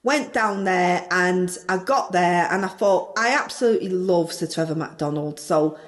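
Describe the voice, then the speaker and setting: A woman's voice: lowish voice, normal speed, lightly acted. A brash, chirpy parody of a female politician with a broad Northern English accent, as a comedic actress plays her. She rambles through a self-mocking story in a chatty, cheeky comedy-sketch monologue, full of asides.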